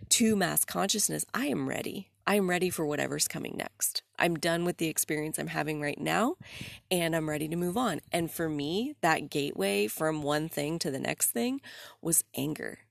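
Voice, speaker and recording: A young woman hosts a solo podcast in a casual, confessional way, animated, quick to laugh and unafraid to swear. Her voice sits low with a gravelly fry. The sound is close and dry, with no room around it. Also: no room sound. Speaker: podcast host.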